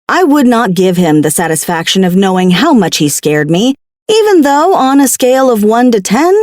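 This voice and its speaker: A woman narrating a paranormal romance audiobook in the first person, with a wry, expressive delivery. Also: on the high side, no echo, clean studio sound.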